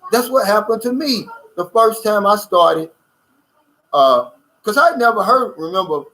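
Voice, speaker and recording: A man's voice: sits high, animated, unhurried, bright, forceful tone, rough recording. A man hosting a casual livestream, reading out viewer comments and giving blunt, emphatic opinions and addressing listeners as "man.".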